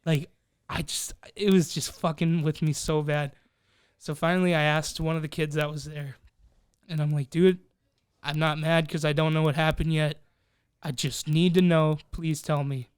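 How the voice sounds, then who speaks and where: A man's voice: a little high, normal speed, clean tone, dry recording, clean studio sound. A young man co-hosting a podcast, telling a story casually among friends, swearing freely and acting out what people said. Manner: profane, animated, acts out quoted voices. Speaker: podcast co-host.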